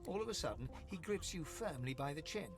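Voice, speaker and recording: A man reading scripted video game narration in a measured, descriptive storytelling manner. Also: fairly high pitch, expressive, soft background music, natural voice.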